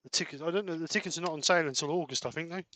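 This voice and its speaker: A man with a bright, fairly high voice chats easily while he works at the lathe, hosting a live stream from his workshop. His talk is relaxed and practical, and the sound is close and dry. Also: racing, dry recording. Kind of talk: casual live-stream chat while demonstrating. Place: home workshop.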